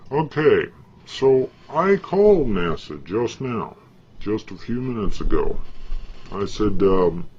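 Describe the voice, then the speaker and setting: A man's voice: lowish voice, darkish tone, slightly rough. A man in a rambling, casual monologue, folksy and boastful, with an aggrieved edge. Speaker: vlogger. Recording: dull lo-fi recording.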